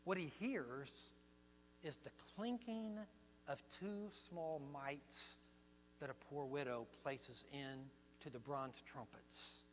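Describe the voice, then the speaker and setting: An older man preaching a sermon as pastor, telling stories and swinging from hushed to loud. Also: fairly high pitch, slow. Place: church sanctuary. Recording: long hall reverb with mains hum.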